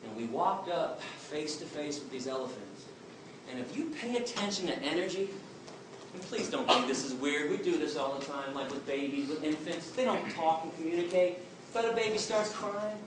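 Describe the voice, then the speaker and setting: A man's voice: a little high, normal speed. Emphatic man in an echoey hall. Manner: emphatic, plain-spoken, lively storytelling. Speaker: speaker answering audience questions. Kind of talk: public talk, Q and A. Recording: echoey hall from far off, noisy.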